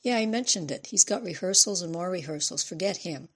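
A man's voice: high-pitched, animated, brisk, husky. Woman voicing a blunt, weary older man. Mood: offhand.

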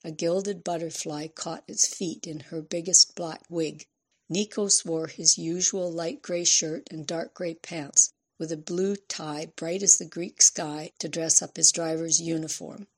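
A woman narrating a novel as an audiobook in a measured, descriptive way. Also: deep voice, fairly even intonation, slightly rough.

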